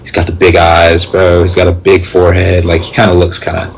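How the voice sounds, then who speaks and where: A young man with a very low, gravelly voice, talking in a loose, laid-back way and tossing in "dude" constantly. Faint hiss sits under the recording. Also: completely flat delivery, brisk, low-quality recording. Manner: laid-back, says "dude" and "bro" a lot. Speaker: podcast co-host. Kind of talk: casual chat.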